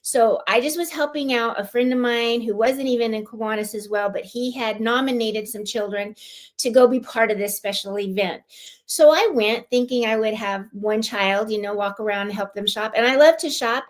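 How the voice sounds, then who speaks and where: A woman's voice: a little high, moderate pace. Heartfelt woman telling her story. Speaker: guest, club lieutenant governor. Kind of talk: telling a personal story in a live-streamed interview.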